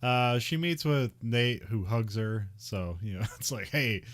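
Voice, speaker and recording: A podcast co-host casually recaps a movie, laughing often and slipping into mock voices for the characters. His mid-range voice is animated, at a measured pace.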